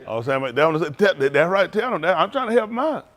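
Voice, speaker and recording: A male pastor giving a playful sermon to his congregation, laughing and joking and then turning low and earnest. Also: big pitch swings, fast talker. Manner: drops to a low, quiet earnest tone for counsel.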